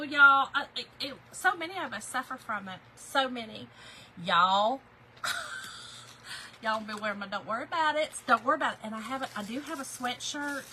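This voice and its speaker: A woman's voice: sits high, bright, forceful tone, a little hiss or hum, low-quality recording. A woman hosting a chatty live stream, greeting viewers by name, laughing easily and getting emotional.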